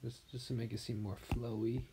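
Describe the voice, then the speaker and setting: A tired man with something in his throat, mumbling softly and half-whispering as he comments on his drawing. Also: medium pitch, flat delivery, fairly quick, heavy background noise. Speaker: artist streaming his drawing. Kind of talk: casual commentary while drawing.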